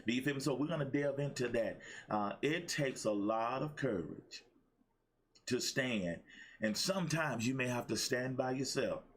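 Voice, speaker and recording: A man hosting a live-streamed motivational show, preaching with excitement, repeating his lines for emphasis and greeting viewers by name. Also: mid-range voice. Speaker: host of a daily motivational show.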